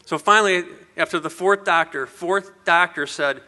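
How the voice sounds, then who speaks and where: A man's voice: high-pitched, normal speed, hardly any pauses, sharp tone. A middle-aged man giving an earnest motivational speech, telling a personal story and asking the audience rhetorical questions. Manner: earnest, rhetorical questions, repeats words when emotional. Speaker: motivational speaker.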